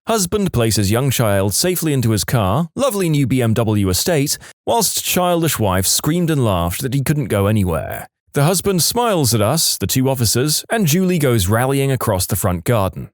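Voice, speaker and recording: A male narrator reads out online stories with a wry, scripted storytelling delivery. His voice sits at a middle pitch and swings up and down with lively intonation. The sound is dry and close, with no room echo. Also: normal speed, few pauses.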